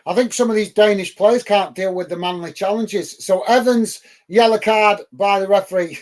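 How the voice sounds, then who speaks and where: A man's voice: high voice, moderate pace, hardly any pauses. A man from the UK hosting a live football watch-along, calling the match and chatting casually with viewers, with frequent ums and uhs.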